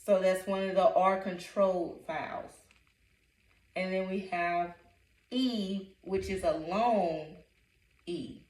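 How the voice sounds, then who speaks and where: A woman reading coach leads a phonics lesson at an unhurried pace. She breaks each word into syllables and repeats it patiently. Her voice sounds distant and echoes around the room. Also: on the low side, steady tone, darkish tone.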